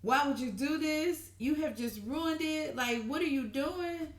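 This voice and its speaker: An upset young woman lays into her suitor, asking the same question over and over, as a woman puts her on. Her voice sits mid-range, neither high nor low. The room around her is echoey. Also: lively intonation, a little slow, mellow, lightly acted. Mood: exasperated. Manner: exasperated, repeating herself. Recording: roomy echo.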